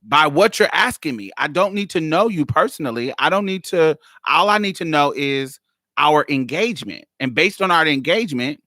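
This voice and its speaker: A woman's voice: sits low, lively intonation, normal speed, fairly bright tone, no echo, clean studio sound. A woman podcast host telling a story in a blunt, exasperated way, laughing often and swearing freely. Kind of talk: casual storytelling monologue.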